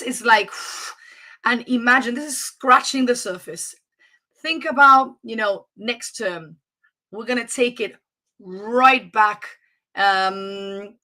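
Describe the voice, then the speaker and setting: Upbeat woman fitness coach, bright and forceful voice, chatty live-stream pep talk. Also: medium pitch. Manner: energetic and motivational, with frequent restarts.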